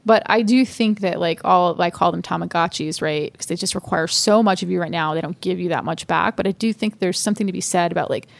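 A woman co-hosting a tech podcast, chatting in a measured way and reading promos. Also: lowish voice, creaky. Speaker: podcast co-host. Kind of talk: casual tech podcast chat.

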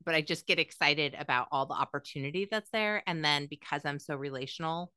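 A woman's voice: low voice, a little fast, pushed and bright, smooth, dry recording, clean studio sound. A woman hosting a podcast, chatting casually in a rambling way and laughing often. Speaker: podcast host. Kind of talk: casual chat.

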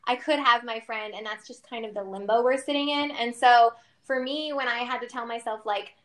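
Higher-voiced woman, chatty co-host. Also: a little fast. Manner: chatty, laughs between words, many fillers. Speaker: podcast co-host. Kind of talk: casual chat.

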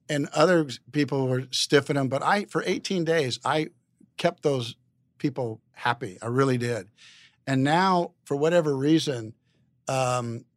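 A man with a medium-pitched voice, recorded without echo, appears as a podcast guest. He tells a long, casual anecdote in a rambling, stop-start way, repeating words a lot.

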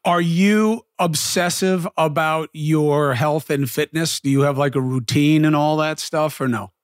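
Casting: male interview host, fairly high voice, chatty storyteller, dry studio sound. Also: fairly even intonation, a little slow, no room sound. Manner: chatty storyteller, lots of fillers. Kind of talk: casual interview chat.

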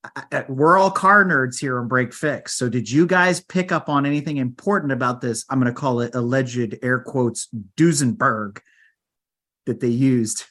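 Husky guest on a movie podcast, car nerd, teasing the hosts with quiz questions. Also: medium pitch, normal speed, a bit bright. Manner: teasing, quizzes the others with playful questions. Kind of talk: casual film-discussion podcast chat.

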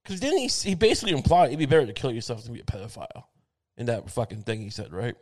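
A man in the middle of a comedic monologue, cursing freely and circling back on himself with stammered restarts. His voice sits at an ordinary, middling pitch for a man. The tone stays sardonic and loose rather than polished. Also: expressive, fast, a little mellow. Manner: profane, rambling, sardonic rant with many restarts.

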